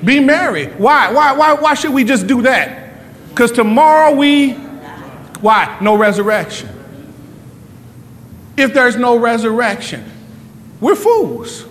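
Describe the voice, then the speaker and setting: Pastor, male, high bright voice, fervent sermon with rapid-fire repeated questions, echoey church hall. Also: lively intonation.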